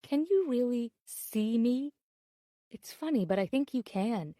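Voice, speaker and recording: A woman's voice: fairly high pitch, expressive, a little slow, warm tone, dry recording, clean studio sound. An actress playing a bubbly, flirtatious woman writing chatty love emails in an audiobook drama.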